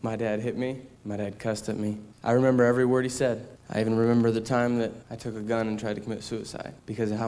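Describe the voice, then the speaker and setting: A man's voice: lowish voice, darkish tone. A young man in his twenties, a son, giving an earnest, subdued personal testimony. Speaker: son telling his story. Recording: long hall reverb.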